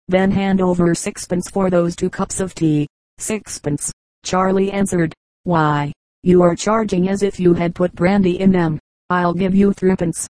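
A woman reads a classic adventure story aloud in a low, even voice with little rise and fall. Her tone is mellow and soft-edged. The recording is dry and close, with no room sound. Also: no room sound, poor audio. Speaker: audiobook narrator. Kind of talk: scripted audiobook narration.

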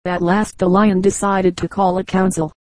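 A woman narrating an audiobook of animal fables in a measured, even storytelling manner. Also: mid-range voice, no echo, poor audio.

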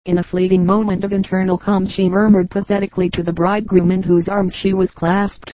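A woman reading a book of humorous anecdotes aloud as an audiobook narrator, in a measured, even storytelling delivery. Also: medium pitch, no room sound, poor audio. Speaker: audiobook reader. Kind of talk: scripted narration.

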